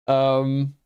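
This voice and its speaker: A man's voice: medium pitch, clear, resonant tone, dull audio. Norwegian male streamer, native Norwegian speaker, laid-back chat with frequent chuckles. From Norway. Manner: easygoing, chuckles often. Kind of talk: casual livestream chat with viewers.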